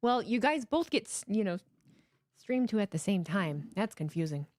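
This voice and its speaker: This watch-along streamer is a woman whose mid-range voice swings widely in pitch at a normal speed, with a darkish tone. She casually teases her chat, calling them "my darlings," and her headphones-and-desk-mic setup sounds clean and studio-like, lacking room sound.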